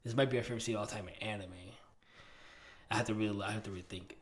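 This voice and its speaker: A man's voice: on the low side, rapid-fire. A man co-hosting a podcast, telling stories in a loose, slangy way with lots of fillers and restarts. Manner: animated storytelling, slangy, many fillers and restarts. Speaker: podcast co-host. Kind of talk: casual chat.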